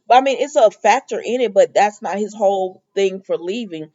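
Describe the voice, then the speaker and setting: A woman's voice: mid-range voice, fairly quick, hardly any pauses, dark tone, lo-fi sound. A woman casually recapping a soap opera episode, talking in a loose, chatty way with lots of fillers and quoted lines. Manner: chatty, lots of "um" and "or whatever", quoting characters.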